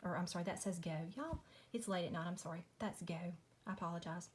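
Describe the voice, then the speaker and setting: A woman's voice: fairly low pitch, quick pace. A woman, chatting casually through a Bible study at home at night, apologetic and friendly, saying y'all. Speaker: Christian video host.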